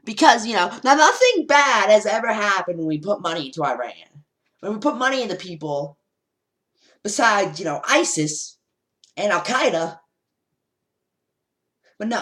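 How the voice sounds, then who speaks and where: Sarcastic woman with a lively voice. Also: on the low side. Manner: sarcastic, rambling asides. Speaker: commentator. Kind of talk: casual political commentary.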